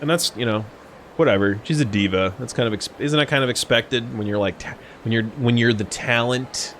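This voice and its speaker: A man's voice: medium pitch, brisk, fairly bright tone, a little hiss or hum. A man streaming a video game live, rambling in casual, profane, joking commentary. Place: home streaming setup. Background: faint game music.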